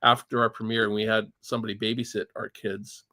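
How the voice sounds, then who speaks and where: A man's voice: fairly low pitch, flat delivery, a little fast, bright, forceful tone, no room sound. A Canadian man hosting a casual livestream chat, rambling with frequent chuckles and restarts. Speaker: podcast host.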